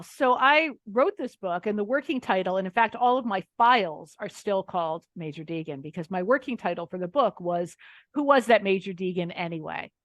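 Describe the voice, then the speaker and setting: A middle-aged woman from Pennsylvania, a nonfiction author, telling anecdotes in a lively, wry way. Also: mid-range voice, no room sound. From Pennsylvania, USA. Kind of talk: casual interview storytelling.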